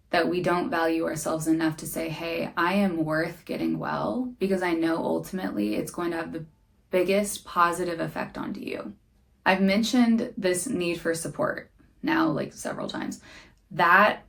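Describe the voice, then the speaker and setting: A woman's voice: fairly low pitch, gravelly. A young woman hosting a podcast, speaking earnestly and candidly about her own struggles in a reflective monologue. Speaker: podcast host.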